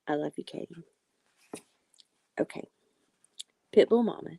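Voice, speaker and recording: A woman hosts a live card-reading stream in a low, gravelly voice with heavy vocal fry. Her tone is mellow and dark, recorded dry and close. She speaks gently to her viewers, calling them sweetie and honey. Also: level tone, moderate pace, no echo. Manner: soft-spoken, affectionate, calls viewers sweetie and honey; apologetic and reassuring. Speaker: livestream tarot and oracle card reader.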